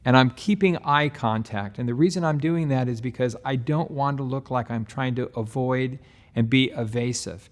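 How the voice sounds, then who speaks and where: A middle-aged man with a voice of ordinary pitch gives a casual sales training talk. He speaks in a relaxed, conversational way, slipping into short acted-out exchanges with customers at the door. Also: normal speed. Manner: relaxed, acts out doorstep dialogue.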